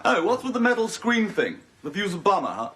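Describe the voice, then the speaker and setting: A man's voice: sits high, big pitch swings, a little fast, a bit bright, slight background noise. An actor playing a debauched, brash man who talks in casual, crude slang. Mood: breezy. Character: debauched, brash male guest.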